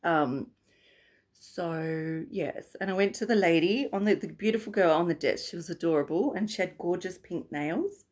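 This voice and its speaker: A woman's voice: lowish voice, normal speed, a little mellow. Woman vlogging to camera, chatty and rambly, laughs a lot. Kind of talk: casual chat to camera.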